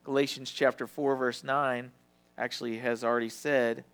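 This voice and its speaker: A man preaching a sermon with passion, swinging from loud to hushed and sometimes stumbling over his words. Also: mid-range voice, level tone, moderate pace, clean tone.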